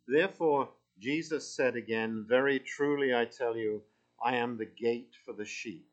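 A man's voice: mid-range voice, a little slow, highs cut off. Male preacher reading scripture emphatically. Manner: lightly humorous, then emphatic scripture reading. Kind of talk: sermon.

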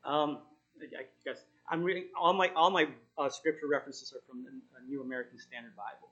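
A man giving an informal sermon, reading scripture and encouraging his listeners in an earnest, halting way with frequent self-corrections. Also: mid-range voice, fairly even intonation, bright, forceful tone, highs cut off. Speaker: Bible study teacher.

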